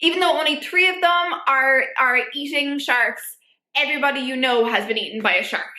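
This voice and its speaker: A young woman vlogger making her case in an animated, rhetorical way, with many fillers. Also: high voice, a little fast. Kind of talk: opinion vlog. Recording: echoey room.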